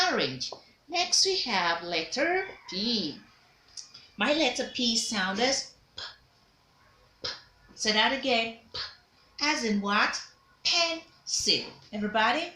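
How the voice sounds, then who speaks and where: Lively, bright-voiced woman drilling pronunciation. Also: a little high. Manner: drills sounds, praises and repeats with emphasis. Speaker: diction teacher. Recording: echoey room with faint ambience.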